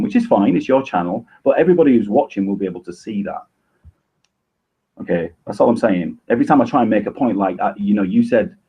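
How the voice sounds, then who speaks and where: A man arguing on a video call in a sarcastic, measured, defensive way. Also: fairly low pitch, slightly rough, highs cut off. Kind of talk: heated online argument.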